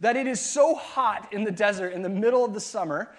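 Male youth pastor, high voice, animated storyteller with a self-mocking sense of humor. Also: brisk. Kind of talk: sermon with a funny story.

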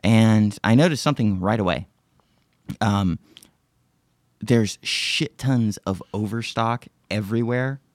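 A man's voice: fairly low pitch, slow pace, pauses often, no room sound, studio quality. A man casually telling a story on a podcast, rambling and profane, with many restarts and fillers. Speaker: podcast host.

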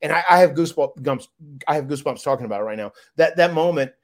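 A man's voice: fairly high pitch, expressive, quick pace. Emotional man telling a rambling story. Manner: emotional, rambling with many restarts. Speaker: guest, former wrestler. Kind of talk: casual interview storytelling.

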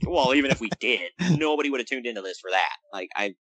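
A man's voice: fast talker, no echo, poor audio. A man co-hosting a casual podcast, recapping wrestling with jokes and big swings in emphasis. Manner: animated, jokey, swings pitch for emphasis. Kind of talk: casual chat.

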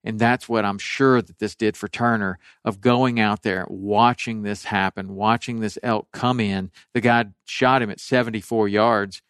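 A middle-aged man with a low, smooth, resonant voice tells a story in a relaxed, rambling way. He often starts over mid-sentence and perks up when he quotes other people. The sound is dry and close. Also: a little slow, few pauses, no echo. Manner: rambling, with restarts, animated when quoting others. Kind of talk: casual storytelling chat.

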